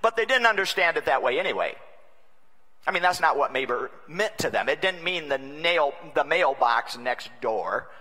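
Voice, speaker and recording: A man preaching a sermon as a bishop, wry and humorous, swinging between loud and hushed delivery. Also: fairly high pitch, animated, normal speed. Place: large conference hall. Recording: long reverb of a large conference hall.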